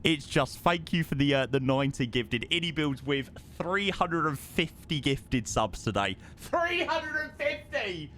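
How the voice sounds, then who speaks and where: A man's voice: medium pitch, animated, moderate pace, few pauses, a bit bright, slight background noise. A young man, chatting casually with viewers on a live stream and thanking them by name.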